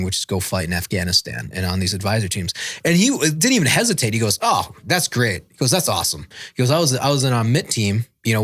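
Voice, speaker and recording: A man's voice: fairly low pitch, fairly bright tone, no echo, clean studio sound. A man in his thirties, a former Marine, telling a long war story in casual, profane, rambling talk and acting out what others said. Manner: rambling, profane, acts out quotes. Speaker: podcast guest, former Marine.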